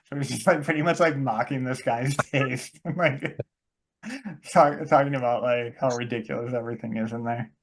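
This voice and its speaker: A man's voice: mid-range voice, steady tone, moderate pace. A man co-hosting a casual movie podcast, rambling with lots of fillers and acting out scenes he retells. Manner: rambling, many fillers, acts out quoted lines. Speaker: podcast co-host. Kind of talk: casual chat about movies.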